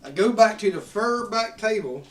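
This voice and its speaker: Cussing guy telling a story, highish voice, mic kinda far off in an echoey room. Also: animated, normal speed, a bit bright. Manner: profane, rowdy, drawling storyteller. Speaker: podcast host. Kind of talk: casual storytelling. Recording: roomy sound from a distant mic.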